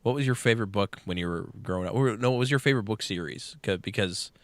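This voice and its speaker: A man's voice: fairly low pitch, fast talker, no echo. A young man co-hosting a podcast, telling a long crude joke casually, swearing often and acting out the characters. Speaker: podcast co-host.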